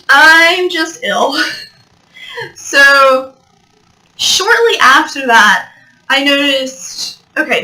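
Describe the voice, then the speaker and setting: A woman's voice: high voice, pushed and bright, rough recording. A young woman rambling and joking as she tells a story in a casual vlog, recorded without her mic plugged in. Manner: rambling, joking, swears, laughs often. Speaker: vlogger. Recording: built-in mic, mic not plugged in.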